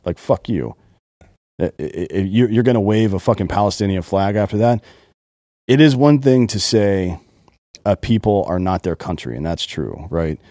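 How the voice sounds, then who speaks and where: A man's voice: lowish voice, lively intonation, normal speed, dark tone, no echo, studio quality. A man co-hosting a podcast in casual chat, blunt and profane, talking with heavy emphasis. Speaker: podcast co-host.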